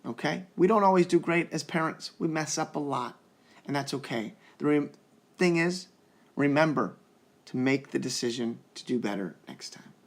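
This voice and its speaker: A man's voice: fairly high pitch, expressive, normal speed, creaky. A young man talking earnestly and reassuringly to the camera in a casual parenting vlog. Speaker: parenting vlogger.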